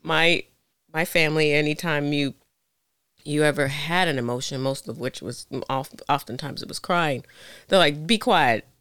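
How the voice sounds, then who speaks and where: A woman's voice: deep voice, fairly even intonation, moderate pace, a bit bright, clean tone, no echo, studio quality. A woman in her forties hosting a podcast, effusive and openly emotional in conversation. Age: 40s. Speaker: podcast host.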